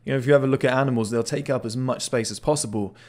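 A man's voice: mid-range voice, steady tone, very fast, a little mellow. A man casually commenting on a video clip, chatty and swearing now and then, often repeating words as he restarts. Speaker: body language analyst.

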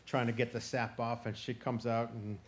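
A man from Florida telling a traditional animal tale in a relaxed, conversational way. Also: medium pitch, moderate pace, slight background noise. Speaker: storyteller. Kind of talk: folk tale storytelling. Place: outdoor festival stage.

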